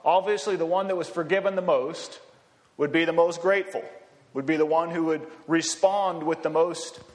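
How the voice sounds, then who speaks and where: A man's voice: a little high, steady tone, normal speed. A man preaching a sermon in a conversational way, with asides and light chuckles. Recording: long hall reverb.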